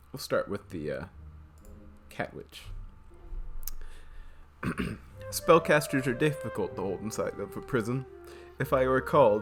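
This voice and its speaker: A man narrating a visual novel playthrough as host, relaxed and casual, stumbling now and then. His voice sits low, and quiet music plays faintly behind him. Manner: casual, with small slips and restarts.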